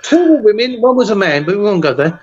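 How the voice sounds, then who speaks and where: A man's voice: high-pitched, big pitch swings, quick pace, highs cut off, noisy background. A man with an Essex English accent, chatting casually on a video call and telling rambling stories with lots of restarts. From England. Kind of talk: casual chat, storytelling.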